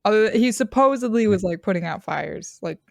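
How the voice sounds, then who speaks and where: A woman's voice: medium pitch, lively intonation, a little fast, gravelly. A woman in a casual podcast chat, joking and rambling. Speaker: podcast co-host.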